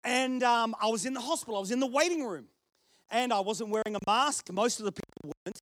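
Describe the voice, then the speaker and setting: High-voiced Australian pastor preaching. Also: male voice, fast talker, a bit bright, no echo. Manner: chatty storytelling with self-deprecating humour. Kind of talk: sermon.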